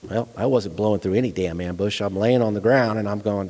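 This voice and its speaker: A man's voice: on the low side, brisk, few pauses, a little mellow. A middle-aged man, a retired soldier, telling a frank personal war story to a lecture audience, with blunt soldier humor. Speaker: guest lecturer, retired Army staff sergeant. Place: large lecture hall. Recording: long reverb of a large hall.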